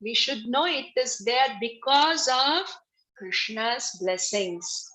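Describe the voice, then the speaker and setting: A woman teaches a religious class over a video call. Her voice sits a little high and sounds bright and clear. She talks at an unhurried pace, repeating her phrases as she patiently explains. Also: animated, rough recording. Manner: slow, repetitive, patient explaining. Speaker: spiritual teacher.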